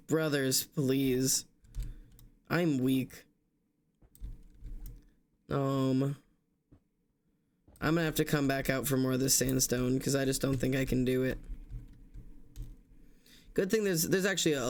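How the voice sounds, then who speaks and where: A man's voice: medium pitch, steady tone, unhurried, long pauses. A young man streaming, exhausted and yawning, talking casually and apologetically to his chat.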